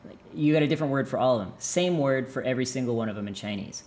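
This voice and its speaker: A man's voice: mid-range voice, racing, darkish tone, a little hiss or hum. A young man giving a jokey language lesson with playful, exaggerated demonstrations. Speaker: language teacher.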